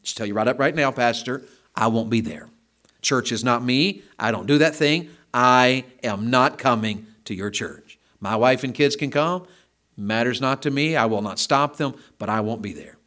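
A man voicing a stubborn, unsaved husband who flatly refuses, in a lower, quieter voice. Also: moderate pace, natural voice.

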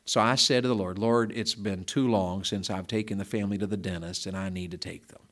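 A middle-aged preacher delivers a homespun sermon. His voice sits a little low, and he talks plainly and conversationally, then punches certain lines with loud emphasis. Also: steady tone, a little fast.

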